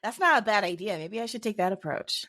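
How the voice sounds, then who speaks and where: A woman co-hosting a casual podcast, her bright voice swinging freely up and down as she talks. She is expressive and self-deprecating, heard close and dry with no room sound. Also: mid-range voice, fast talker, no echo. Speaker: podcast co-host. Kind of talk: casual chat.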